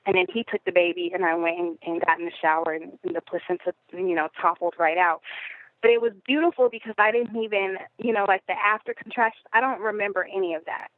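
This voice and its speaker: A woman's voice: lowish voice, no echo. Woman on a tinny phone line. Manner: rambling, with many fillers and "you know". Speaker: guest telling her birth story. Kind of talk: conversational podcast interview. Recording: phone-like narrow audio.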